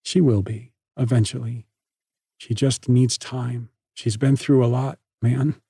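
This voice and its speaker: A man voicing a calm, gentle teenage girl. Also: mid-range voice, slow, gravelly, slightly rough, no room sound, studio quality, full character voice. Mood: calm soothing. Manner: soft, calm, reassuring.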